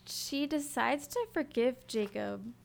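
A woman's voice: fairly high pitch, takes it slowly, vocal fry. A woman co-hosting a casual book chat, laughing often and reading passages aloud. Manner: giggly, animated, reads passages aloud. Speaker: co-host of a book discussion.

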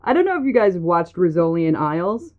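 A woman's voice: fairly low pitch, very animated, fairly quick. A woman hosting a casual chat, telling stories in a jokey way with lots of laughing. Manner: giggly, jokey storyteller. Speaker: podcast host. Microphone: phone. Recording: tinny phone-like line.

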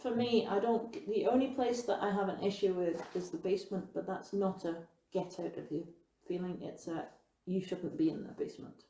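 A woman volunteer speaking calmly and matter-of-factly in a casual interview. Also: mid-range voice, moderate pace, few pauses, recorded from a distance, a little hiss or hum. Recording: echoey room.

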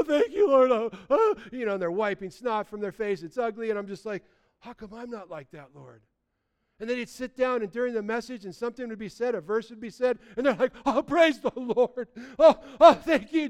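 A man preaching a sermon in a lively, conversational way, often restarting his sentences. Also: high voice, clear, resonant tone. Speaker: pastor.

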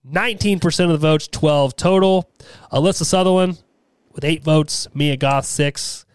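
Male podcast host, higher-pitched, teasing and jokey, dry close recording. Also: normal speed, clean tone, no echo. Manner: joking, teasing asides. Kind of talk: casual podcast chat.

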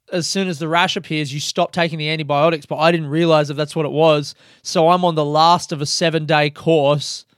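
A young man hosting a podcast in casual, rambling chat, swearing freely and getting excitable. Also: fairly high pitch, no echo, studio quality. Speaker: podcast host.

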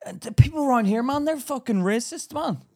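A man's voice: extremely high pitch, lively intonation, fairly quick, a little mellow. A man co-hosting a casual podcast, teasing and blunt, swearing freely. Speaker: podcast co-host. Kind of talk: casual chat.

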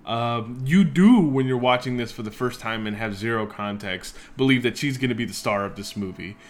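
Guy casually rambling about a movie, laughs a lot, swears, mid-pitched voice. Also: normal speed. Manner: chatty, laughs often, swears freely. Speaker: podcast co-host. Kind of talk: casual movie review chat.

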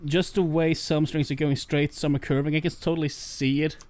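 A man's voice: fairly high pitch, flat delivery, fairly quick, darkish tone, a little hiss or hum. A man co-hosting a casual podcast, enthusiastic and profane, jumping in with jokes and praise. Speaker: podcast co-host. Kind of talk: casual chat.

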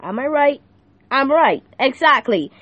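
A young woman with a fairly high voice gives a casual devotional on her podcast. She teaches in a playful, slangy way and keeps checking in with the listener, asking "right?" again and again. The sound is dry and close. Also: unhurried, no echo, dull audio. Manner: animated, laughing, asks the listener "right?" often. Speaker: youth podcast host.

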